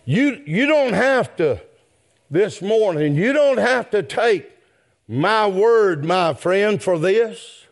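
High, swooping preacher man. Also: expressive, takes it slowly. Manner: chanted preaching that swells into shouted peaks; repeats "my friend" and "yes, sir" as refrains. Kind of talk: sermon.

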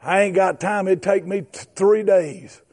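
A man preaching a fervent sermon, shouting and drawing out his emphatic phrases. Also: high voice, measured pace.

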